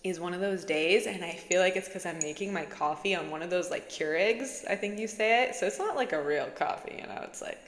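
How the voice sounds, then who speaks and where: Laid-back woman vlogger, lowish voice, rambling casual chat, recorded in a reverberant room. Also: fairly quick, few pauses. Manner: chatty, giggly, says "like" a lot. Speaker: spiritual vlogger. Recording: echoey room with long reverb.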